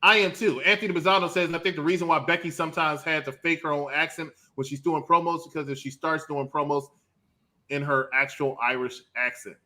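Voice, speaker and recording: A man hosting a casual wrestling review show, leading the talk and teasing his co-hosts. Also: fairly high pitch. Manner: animated, quick to tease co-hosts. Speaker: podcast host.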